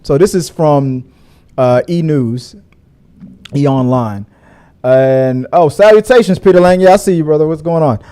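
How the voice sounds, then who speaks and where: A man hosting a casual online show, chatting loosely, laughing often and now and then breaking into high mocking voices. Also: measured pace, mellow, clean tone. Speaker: podcast host. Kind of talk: casual chat.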